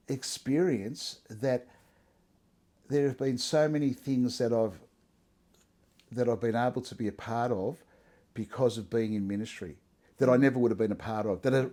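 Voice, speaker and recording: A middle-aged man talks in a warm, mellow voice. He is relaxed and conversational, and he often restarts his sentences. His tone is earnest and his manner is plain. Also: medium pitch, moderate pace, pauses often. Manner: earnest, conversational, frequent restarts and "you know". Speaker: interviewee sharing his testimony. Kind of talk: casual interview.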